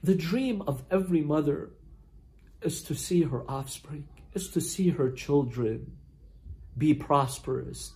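A man's voice: a little high, warm tone. A man preaching a sermon as a story, impassioned and building in intensity, at times chanting Arabic verses.

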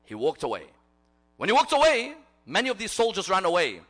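Dramatic male preacher, lively pitch. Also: fairly quick. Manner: dramatic, swings from loud declaiming to hushed near-whisper. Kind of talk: storytelling sermon.

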